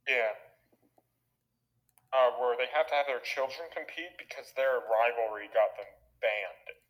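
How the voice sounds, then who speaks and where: Male podcast host, casual chat, animated recap of a movie, mid-pitched voice. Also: a little slow, low-quality recording. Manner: animated, acts out movie characters' lines.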